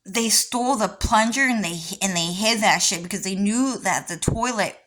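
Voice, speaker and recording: A woman's voice: mid-range voice, normal speed, fairly bright tone. A woman vlogger talking in a casual, rambling monologue with many restarts and frequent swearing.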